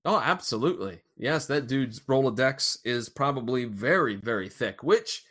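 A man hosting a casual podcast, chatting about wrestling news and jumping between loud and quiet remarks. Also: medium pitch, lively intonation, normal speed, slightly rough. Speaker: podcast host.

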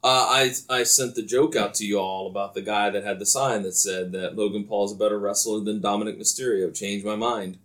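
A man's voice: on the low side, fairly even intonation, brisk, hardly any pauses, fairly bright tone. A man hosting a casual podcast, steering the talk and asking his co-hosts for their ratings. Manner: runs the segment, asks co-hosts for ratings. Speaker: podcast host. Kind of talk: casual chat.

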